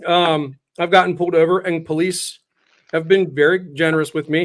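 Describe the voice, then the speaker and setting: A man's voice: a little high, level tone, normal speed. Joking man host with a raised voice. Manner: blunt, joking storyteller. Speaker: show host. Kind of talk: casual chat.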